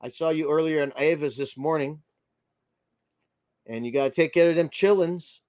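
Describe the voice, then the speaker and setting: A man's voice: fairly high pitch, moderate pace, a little mellow, no echo, studio quality. An American man hosting a casual livestream, greeting viewers by name and chatting through their comments in a friendly, rambling way. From United States. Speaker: livestream host.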